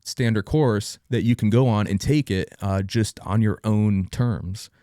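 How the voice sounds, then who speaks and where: Low-key guy guest on a podcast, mellow dark voice, dry close sound. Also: a little slow, dry recording. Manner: soft-spoken, brief agreeing replies. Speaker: guest, veterans nonprofit program manager. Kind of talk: interview answers.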